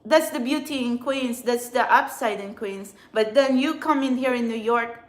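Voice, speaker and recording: A woman, a spiritual channeler, venting in an emotional, agitated monologue outdoors in a city, swearing often and swinging between quiet and loud. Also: on the high side, moderate pace, roomy sound. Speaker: spiritual channeler and tarot reader.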